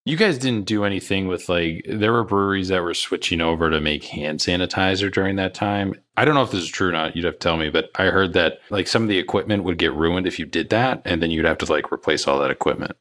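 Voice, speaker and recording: A man's voice: sits low, fast, few pauses, fairly bright tone. A man hosting a casual interview, asking long, rambling questions full of fillers. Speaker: podcast host.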